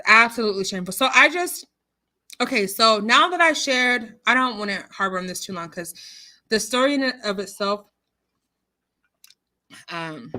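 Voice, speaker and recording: Over a computer mic on a streaming call, a woman with a fairly high, bright, forceful voice hosts a casual livestream. She reads viewer comments aloud and responds with outspoken indignation.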